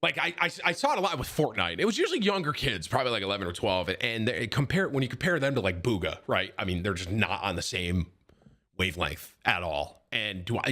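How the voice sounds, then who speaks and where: A man's voice: medium pitch, bright, forceful tone. A man in his thirties, a streamer chatting casually at a desk mic, rambling with many restarts and frequent laughs. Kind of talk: casual chat.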